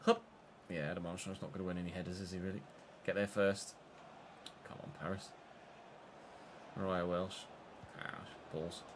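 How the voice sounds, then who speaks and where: A young man streaming live, chatting through his football game and breaking into excited shouts between muttered asides. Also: low voice, moderate pace, pauses often, slight background noise. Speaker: gaming streamer.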